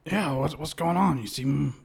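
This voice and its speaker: Gravelly, raspy-voiced man player. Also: fairly high pitch. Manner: casual, quick, playful protests. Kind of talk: in-character tabletop play.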